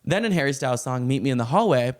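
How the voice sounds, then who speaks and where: A man excitedly breaking down celebrity gossip in a vlog, gushing and reading song lyrics aloud. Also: medium pitch, quick pace. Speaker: pop culture commentator.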